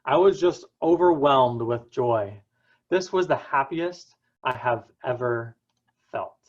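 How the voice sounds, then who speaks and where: Young man, prepared personal talk, earnest storytelling, slow deliberate pace, dramatic pauses, muffled lo-fi sound. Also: medium pitch, lively intonation. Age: young adult. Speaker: student speaker.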